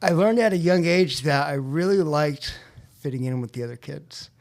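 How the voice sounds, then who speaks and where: A man's voice: on the high side, moderate pace, a little mellow. A man from California, a podcast guest, telling his recovery story in an earnest, heartfelt way.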